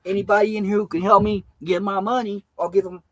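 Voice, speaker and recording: A man's voice: sits high, flat delivery, fast talker, slight background noise, close to an everyday voice, low-quality recording. A man quoting a panicked adult man who keeps pleading to get his money back, in a casual storytelling voice. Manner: pleading, repetitive.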